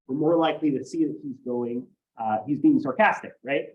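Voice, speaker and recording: A man's voice: mid-range voice, moderate pace, muffled recording. A man teaching a college class, explaining ideas step by step and often checking in with "right?". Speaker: college instructor. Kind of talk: classroom lecture.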